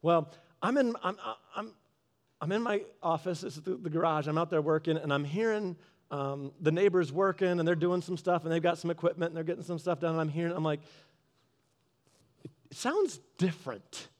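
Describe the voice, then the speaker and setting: A man giving a casual devotional talk, telling a story in a lively way and acting out both sides of an argument. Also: on the high side, brisk. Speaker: Christian speaker. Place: garage office.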